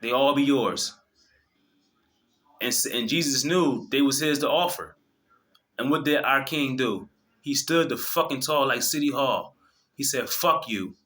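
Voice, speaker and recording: A man preaching straight to his viewers in a fervent, profane stream. His voice is bright and forceful, with the pitch sitting in a middle range. He keeps stumbling and restarting as his words pile up. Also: normal speed. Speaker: video host. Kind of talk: impassioned religious monologue.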